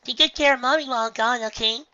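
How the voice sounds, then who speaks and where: A man voicing a young unicorn filly, earnest and emotional, with a soft, eager delivery. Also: very high-pitched, fast talker, no room sound, muffled recording, pitched above the performer's own voice, heavily acted.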